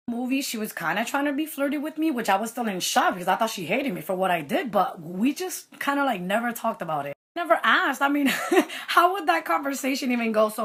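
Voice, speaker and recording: Animated woman telling a storytime vlog. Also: fairly high pitch. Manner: animated, switches into Spanish for quoted lines. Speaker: vlogger telling a personal story. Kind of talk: casual storytime.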